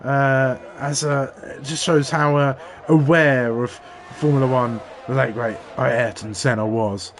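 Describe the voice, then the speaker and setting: A man co-commentating a sim race, telling rambling anecdotes with halting restarts. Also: mid-range voice, steady tone.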